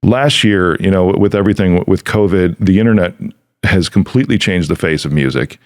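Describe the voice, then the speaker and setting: A man's voice: deep voice, fairly quick, a little mellow. A man hosting a podcast interview, chatting casually and enthusiastically into a studio mic, with loose restarts. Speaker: podcast host. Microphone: studio dynamic mic.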